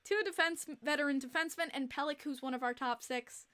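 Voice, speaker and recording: A young woman hosts a casual podcast livestream in a high, bright-pitched voice. She talks in an animated, exasperated way, repeating her points with plenty of fillers. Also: fairly quick. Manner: chatty, with many fillers. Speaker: podcast host.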